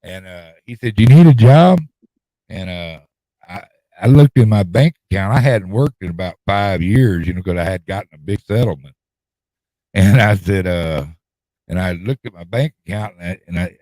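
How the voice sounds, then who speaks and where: Folksy man with a low voice. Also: moderate pace, warm tone, no room sound. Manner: rambling, folksy, repeats words, drawls. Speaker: podcast host telling a story. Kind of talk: casual storytelling chat.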